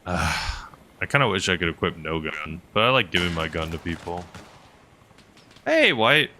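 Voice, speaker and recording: A man's voice: low-pitched, very animated, normal speed, pushed and bright, slight background noise. A man chatting casually on a gaming livestream, rambling with lots of fillers and reading chat messages aloud. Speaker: game streamer and helicopter pilot.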